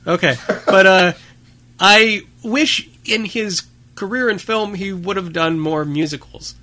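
A man's voice: high-pitched, a little slow, bright, forceful tone. A man in casual conversation about films, talking with frequent fillers and hesitations. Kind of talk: casual film discussion.

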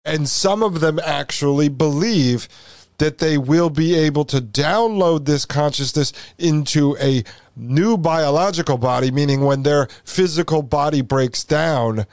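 A man hosting a commentary podcast, speaking slowly and deliberately with a fairly high voice. He is emphatic and keeps pressing the listener with repeated rhetorical questions. The sound is close and dry, with no room around it. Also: darkish tone, no room sound. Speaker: podcast host. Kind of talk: opinionated commentary.

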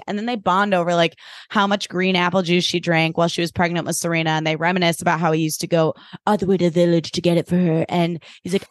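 A woman co-hosting a podcast, retelling a TV episode in a casual, animated way and slipping into quoted voices. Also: fairly low pitch, fast, no echo, studio quality. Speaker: podcast co-host. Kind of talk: casual TV recap chat.

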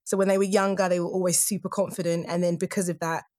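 A woman hosting a podcast chat, asking probing questions and telling stories in an animated way. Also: fairly low pitch, quick pace, no echo, clean studio sound. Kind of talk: casual chat.

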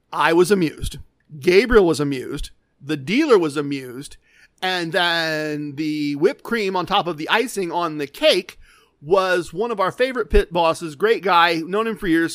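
High-voiced man telling a wry gambling story. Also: a bit bright, no room sound. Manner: wry, self-deprecating, acts out quoted dialogue. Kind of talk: casual storytelling monologue.

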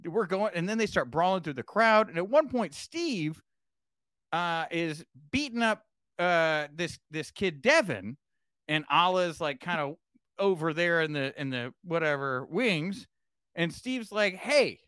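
A man's voice: animated, measured pace, a bit bright, clear, resonant tone, no echo. Young guy telling a story, voice jumps all over, curses a lot, dry mic. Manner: swings pitch widely acting out quotes, curses freely. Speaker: podcast guest, former wrestling manager. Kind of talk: animated storytelling.

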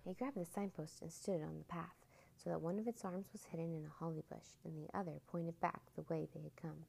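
Woman storyteller, low warm gravelly voice, storybook read-aloud. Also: brisk, low-quality recording. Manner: expressive, animated storytelling.

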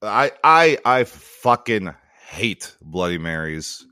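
Animated, bright-voiced man chatting. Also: lowish voice, slow pace, clear, resonant tone, no echo. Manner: animated, stammering restarts, casual swearing. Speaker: podcast co-host. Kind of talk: casual chat.

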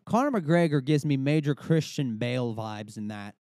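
A man's voice: mid-range voice, animated, normal speed, a little mellow, no room sound, studio quality. A young man hosting a podcast, ranting casually with swearing and rambling asides. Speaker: podcast host. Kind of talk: casual comedic rant.

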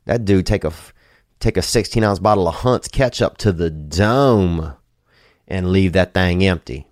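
A man's voice: sits low, unhurried, dry recording, clean studio sound. A man hosting a podcast, rambling casually with a loose, joking, drawling manner and frequent swearing. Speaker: podcast host.

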